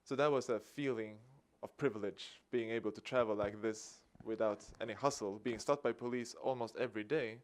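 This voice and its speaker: A man's voice: fairly low pitch, brisk, few pauses. Swedish man telling a story. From Sweden. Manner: lively storyteller acting out dialogue with a chuckle. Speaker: activist speaker. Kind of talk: public talk.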